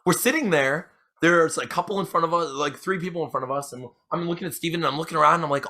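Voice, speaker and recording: Chatty podcast dude, kinda high bright voice, rambles on w tons of "like, you know". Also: male voice, fast talker, hardly any pauses. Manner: rambling storyteller, heavy fillers like "like" and "you know". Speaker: podcast co-host. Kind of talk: casual chat.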